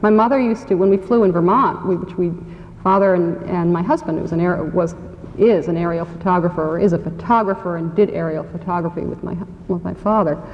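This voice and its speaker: A woman's voice: lowish voice, fairly even intonation, a little fast. A woman, a guest speaker at a public forum, telling family anecdotes in a chatty storytelling manner. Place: large church hall. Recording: reverberant hall, dull radio sound.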